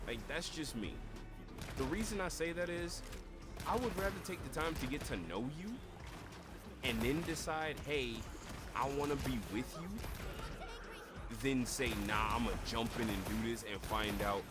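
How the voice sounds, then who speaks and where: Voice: medium pitch, measured pace, long pauses. A streamer host in casual chat, playful and slangy, laughing easily. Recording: loud music behind the voice.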